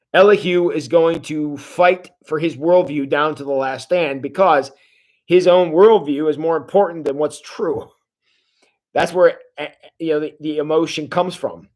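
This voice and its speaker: A man in his forties teaches a Bible study over a livestream in a relaxed, folksy way. His voice sits a bit high for a man, and he keeps it chatty and unpolished, full of small fillers. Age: 40s. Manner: folksy, conversational, with frequent filler sounds. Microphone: livestream setup.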